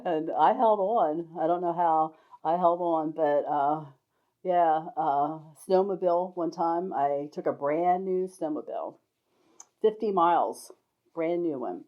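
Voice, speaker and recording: A woman's voice: low voice, a little slow. An older woman telling rambling stories from her life, often breaking into laughter. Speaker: storyteller sharing life stories. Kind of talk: casual spoken memoir. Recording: dull lo-fi recording.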